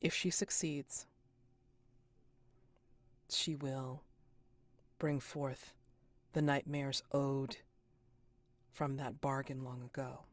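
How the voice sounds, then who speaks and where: A woman narrating as game master of a tabletop role-playing game, deliberate and dropping to a hush for suspense. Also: a bass voice, little pitch movement, no echo.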